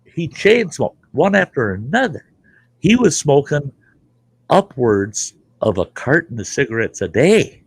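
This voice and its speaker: An older man hosting a podcast, telling a crude, animated campfire story. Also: mid-range voice, a little slow, husky, dry recording, poor audio. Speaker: podcast host.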